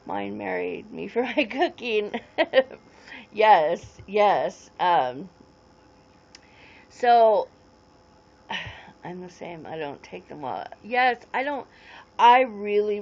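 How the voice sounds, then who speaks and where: A woman's voice: medium pitch, vocal fry, dull audio. A woman in her forties rambling casually on a livestream, greeting viewers and answering their comments as they come in. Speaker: livestream host.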